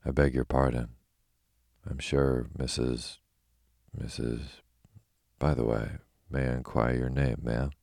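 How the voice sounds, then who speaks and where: A man's voice: very deep voice, level tone, slow pace, gravelly, darkish tone, no echo, studio quality, full character voice. A man voicing an earnest, polite little girl in a storybook reading.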